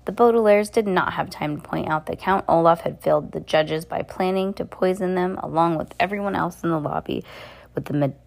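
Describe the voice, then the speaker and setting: A woman reads a novel aloud at home pace, stumbling over words and going back to fix them. Her voice sits a little low for a woman. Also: a little fast, creaky. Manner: unpolished, frequent restarts and self-corrections. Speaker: reader.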